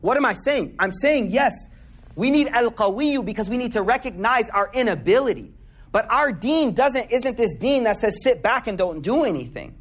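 A man's voice: very high-pitched, lively intonation, moderate pace, slightly rough. A man delivers a casual sermon. He talks in loose slang, tells stories and keeps checking in with the audience. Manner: slangy, conversational, asks the audience questions. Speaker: Muslim speaker giving a talk.

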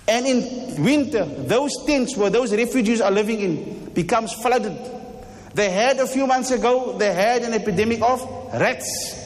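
A man with a South African accent delivering a Friday sermon in a mosque, impassioned and repeating rhetorical questions. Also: high voice. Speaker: mosque preacher. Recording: long hall reverb.

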